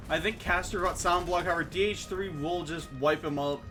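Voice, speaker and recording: Bright high-voiced male esports caster. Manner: rapid play-by-play, excited on big plays. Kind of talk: live play-by-play commentary.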